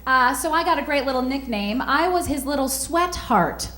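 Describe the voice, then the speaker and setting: High, lively woman doing stand-up. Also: normal speed, echoey room, very noisy. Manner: sly, teasing delivery with punchlines. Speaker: stand-up comedian. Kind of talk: stand-up routine.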